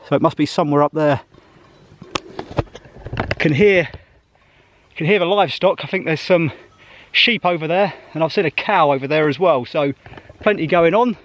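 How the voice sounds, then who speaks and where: High-voiced man vlogging outdoors. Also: no room sound. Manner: chatty, thinking aloud while walking. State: slightly out of breath on a hike. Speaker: travel vlogger. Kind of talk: casual travel vlog narration. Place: outdoors on a mountain trail by a lake.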